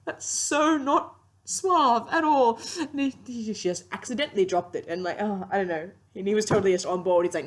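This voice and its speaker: A woman's voice: mid-range voice, fairly quick. A young woman giving a casual, rambling TV review, chatty and gushing with lots of fillers, tired and yawning. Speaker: TV series reviewer.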